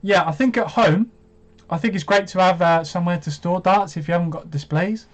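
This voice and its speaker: A man's voice: high-pitched, a little fast. A man of twenty-five chatting casually as host of a live stream, laughing often and poking fun at himself. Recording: dull lo-fi stream audio.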